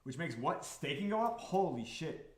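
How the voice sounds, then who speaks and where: A man hosting a livestream about his crypto project, talking to the chat in an excitable, profane, repetitive way. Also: on the high side, normal speed, roomy sound. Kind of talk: livestream talk to a chat audience.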